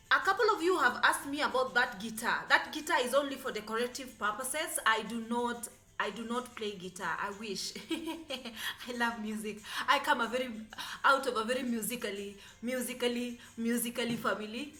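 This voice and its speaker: A woman talking in a casual, chatty vlog, sassy and animated, full of fillers, English not her first language, filming herself with a phone. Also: fairly high pitch. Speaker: vlogger. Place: apartment in the United Arab Emirates. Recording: echoey room, faint music.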